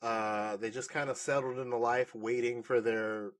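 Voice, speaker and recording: Man, podcast co-host, casual movie review chat, rambling, animated, middling pitch. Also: normal speed. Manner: rambling, animated, laughs often.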